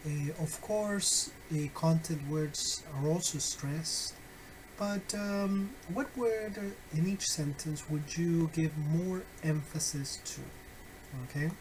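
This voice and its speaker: A man teaching phonetics in a recorded online lesson, deliberate and full of fillers and self-corrections, with wry, friendly asides to his students. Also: a little high, a little hiss or hum, rough recording.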